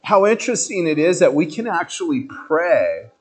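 A man giving an informal sermon, telling the story in a conversational, animated way with casual slang. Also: a little high, moderate pace, husky. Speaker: preacher.

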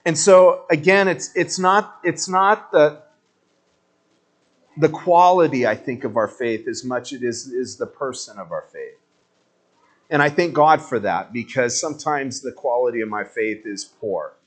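A man preaches in a relaxed, chatty way, retelling scripture with lively storytelling and casual slang. His voice sits in a middling pitch. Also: measured pace. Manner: conversational, animated storytelling with slang. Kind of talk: informal sermon.

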